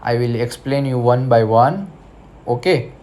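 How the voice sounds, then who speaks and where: Indian english teacher guy, super slow and patient, spells stuff out letter by letter for kids. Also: mid-range voice, a little mellow. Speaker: school teacher. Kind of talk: English lesson for children.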